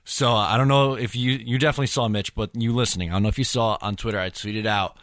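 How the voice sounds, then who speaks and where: A man's voice: fairly low pitch, fairly even intonation, quick pace, a bit bright, no room sound, clean studio sound. A man co-hosting a podcast in casual chat, rambling with lots of fillers. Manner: rambling, filler-heavy, overthinking. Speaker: podcast co-host.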